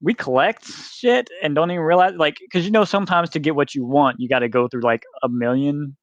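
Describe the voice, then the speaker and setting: A man's voice: a little high, a little fast, no room sound, highs cut off. A man telling a rambling story as a podcast guest, swearing freely and acting out the people he quotes. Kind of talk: casual storytelling.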